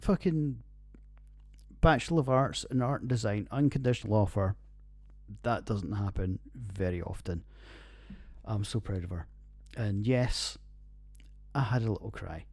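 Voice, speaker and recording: A man's voice: lowish voice, a little slow, darkish tone, breathy edge, no echo. Sweary rambling Scottish man, dry sound. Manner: rambling, sweary, laughs at own jokes. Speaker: podcast host. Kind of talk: casual beer review monologue. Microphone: computer recording.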